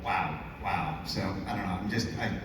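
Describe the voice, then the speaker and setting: A man's voice: low voice, normal speed, background noise. Male writer-director on a panel, effusive, heard from a distance in a big echoey hall. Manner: effusive, full of praise. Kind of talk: panel talk. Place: convention panel stage. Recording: echoey convention hall, far mic.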